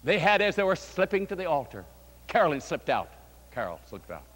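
An older man, a pastor, preaching a sermon and telling a story with fervent rises and quiet drops. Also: expressive, brisk. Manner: fervent preaching, voice swelling and dropping low. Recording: long hall reverb.

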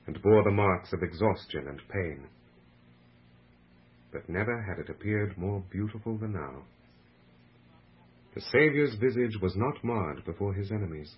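A man narrating a religious book with a slow, measured, solemn delivery, heard on a muffled lo-fi radio recording. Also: low voice, husky.

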